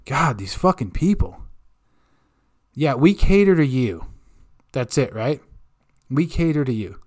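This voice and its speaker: A man's voice: mid-range voice, big pitch swings, unhurried, pauses often, a little mellow. A man hosting a comedic rant segment, swearing constantly in an exasperated tone. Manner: profane, exasperated ranting. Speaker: host.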